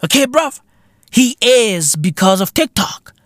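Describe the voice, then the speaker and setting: A man's voice: high-pitched, measured pace, dry recording, clean studio sound. A man hosting a podcast, ranting in a profane, comedic way and peppering his talk with "right?". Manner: animated, profane, keeps asking "right?". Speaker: podcast host.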